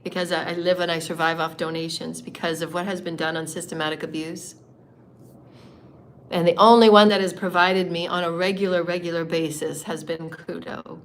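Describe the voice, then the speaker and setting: Hoarse woman giving a reverent spiritual talk. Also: fairly low pitch, a bit bright, slight background noise. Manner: heartfelt and reverent, praising and thanking. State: scratchy, hoarse voice. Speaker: spiritual live-stream host.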